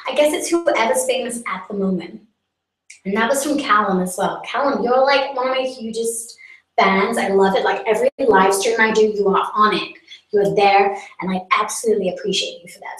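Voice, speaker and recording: A young woman hosting a comedic live stream as a self-important celebrity, boastful and chatty with lots of "like" and mock outrage. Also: fairly high pitch. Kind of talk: improvised character comedy monologue. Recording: roomy sound from a distance.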